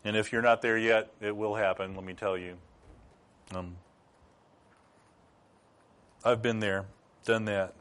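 A man's voice: on the low side, level tone, slow, long pauses, a bit bright, clear, resonant tone. A middle-aged man preaching a sermon as pastor, teaching through rhetorical questions.

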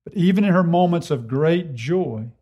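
A man delivering a sermon in an earnest, emphatic way. His voice sits a little higher than most men's, and he slows down to repeat key phrases with weight. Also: animated, husky, dull audio. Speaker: preacher. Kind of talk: expository sermon.

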